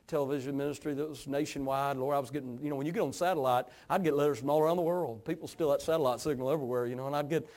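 A middle-aged man from East Tennessee with a hillbilly accent, preaching a sermon in a folksy, drawling manner that moves between quiet storytelling and fervent exhortation. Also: mid-range voice, steady tone, very fast, few pauses. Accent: East Tennessee Appalachian. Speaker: pastor.

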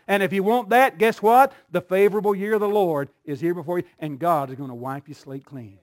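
A man preaching a sermon in church, building up to shouted call-and-response with his congregation. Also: sits high, steady tone, brisk, few pauses. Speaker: pastor.

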